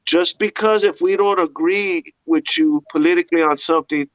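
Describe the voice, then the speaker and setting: A man's voice: fairly high pitch, moderate pace, dry recording. Indignant rambling man, dull lo-fi sound. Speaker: panelist. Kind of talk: casual talk-show discussion.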